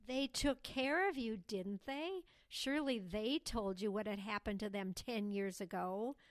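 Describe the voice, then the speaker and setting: A woman voicing Lucinda, a gossipy, self-important young girl who chatters in a sing-song way, read slowly in an audiobook. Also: mid-range voice, no room sound, pitched above the performer's own voice, lightly acted. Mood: chattering. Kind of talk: audiobook dialogue reading.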